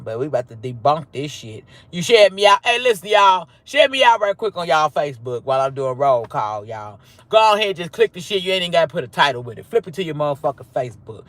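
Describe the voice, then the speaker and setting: High-voiced profane livestream host. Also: male voice, no echo. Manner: profane, swings between loud greetings and low mutters. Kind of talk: casual livestream roll call.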